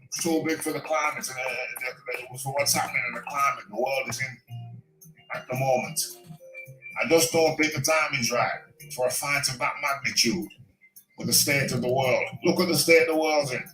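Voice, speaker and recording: A man's voice: mid-range voice, very slow, long pauses. A man doing an impression of a blunt older northern English boxing father who rants in indignant questions. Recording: roomy echo, faint music.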